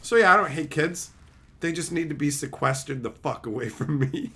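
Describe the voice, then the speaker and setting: A man's voice: a little high, moderate pace, pushed and bright. A man streaming live, ranting crudely and mockingly, laughing often. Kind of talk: profane rant.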